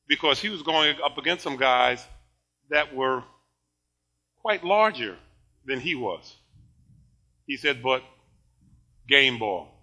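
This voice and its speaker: An older man preaching a sermon, animated and laughing often, moving between shouted praise and quiet storytelling. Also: a little high, rough recording. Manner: laughs often while talking.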